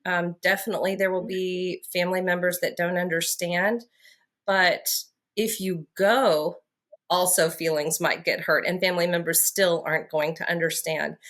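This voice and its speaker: A woman co-hosting a faith podcast, speaking in a calm, reflective and gently reassuring way. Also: on the low side, normal speed. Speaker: podcast co-host. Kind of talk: casual faith podcast conversation.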